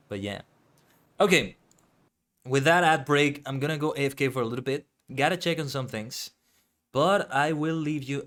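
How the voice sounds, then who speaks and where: A man streaming and chatting casually, animated and exclaiming, often correcting himself mid-sentence. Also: mid-range voice. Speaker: VTuber streamer. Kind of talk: casual stream chat and reactions.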